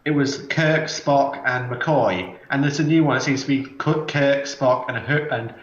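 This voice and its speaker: A man's voice: medium pitch, measured pace. A man hosting a casual podcast chat, talking in a rambling, hesitant way and often restarting his sentences. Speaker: podcast host. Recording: echoey, dull lo-fi sound.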